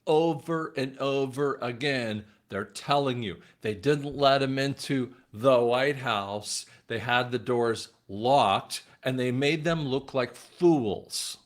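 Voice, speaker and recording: A man's voice: medium pitch, slow pace, hardly any pauses. A male host giving casual political commentary, talking straight to his viewers. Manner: casual, addresses viewers as guys.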